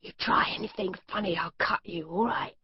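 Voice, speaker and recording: Whispered role-play: woman as a hoarse, croaking male kidnapper, menacing, close, dull sound. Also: fairly low pitch, fairly even intonation, moderate pace.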